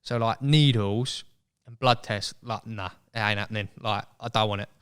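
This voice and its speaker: A young man telling a story as a podcast guest in casual chat, animated and acting out voices. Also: fairly low pitch, moderate pace, clear, resonant tone. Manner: chatty, animated, acts out quoted voices.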